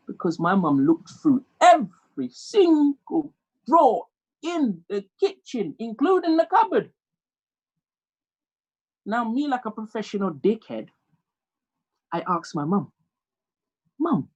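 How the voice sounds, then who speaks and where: Man, stand-up storytelling, lively pitch, dull lo-fi recording. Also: unhurried, pauses often. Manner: storytelling, animated, self-mocking. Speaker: stand-up comedian. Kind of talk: comedy monologue.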